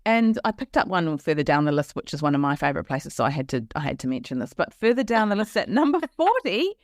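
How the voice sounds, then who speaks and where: A New Zealand woman co-hosts a travel podcast in easy casual chat, with a slightly low voice. She laughs often and tells short stories. The sound is close and dry. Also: sing-song, quick pace, no room sound. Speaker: podcast co-host.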